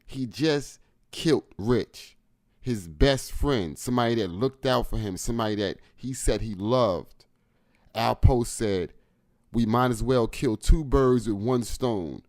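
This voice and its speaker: A man's voice: lowish voice, dark tone, no echo. Man w/ AAVE breaking down a street story, dry close sound, pushy emphatic delivery. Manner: emphatic, addresses listeners directly. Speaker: host.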